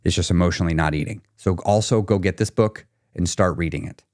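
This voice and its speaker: A man's voice: deep voice, fast, darkish tone. A man hosting a casual live stream, talking straight to viewers in a pushy, teasing way and laughing often. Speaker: live stream host, weight loss coach.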